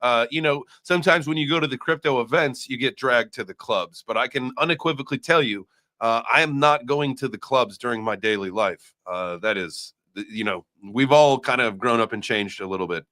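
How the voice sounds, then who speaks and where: A man's voice: medium pitch, brisk, bright, forceful tone, no room sound, studio quality. A man hosting a live crypto stream, upbeat and casual, thanking viewers and reading out super chats. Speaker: host.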